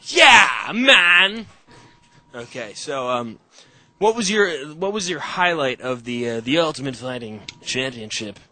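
A young man hosting a podcast on a call, telling animated, profane stories in casual chat. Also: medium pitch, normal speed. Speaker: podcast host.

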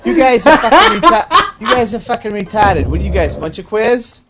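A man's voice: high voice, animated, a little fast, over a noisy crowd. A man putting on a rowdy, foul-mouthed young townie with a drawling, mocking delivery.

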